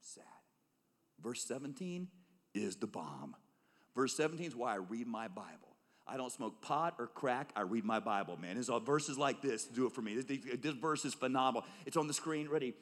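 A man preaching a sermon as a pastor, swinging between loud emphatic calls and hushed, low tones. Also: lively intonation, moderate pace. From United States. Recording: long reverb of a large hall.

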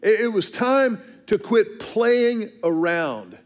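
High-voiced pastor preaching. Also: male voice, expressive. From Texas, USA. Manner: earnest and self-deprecating, stammers on restarts, slows for emphasis. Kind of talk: storytelling sermon.

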